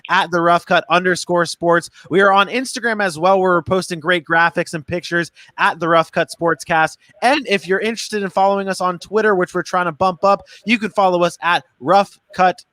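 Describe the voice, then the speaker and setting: Bright, high-voiced man talking sports. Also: a little fast, hardly any pauses, dry recording. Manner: animated, protesting. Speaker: guest co-host of a sports podcast. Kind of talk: casual sports talk.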